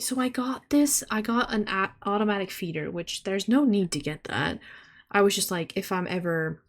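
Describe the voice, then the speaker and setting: A woman's voice: mid-range voice, moderate pace. A young woman chatting casually on a stream, swearing freely and breaking off to talk to her kitten. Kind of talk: casual chat.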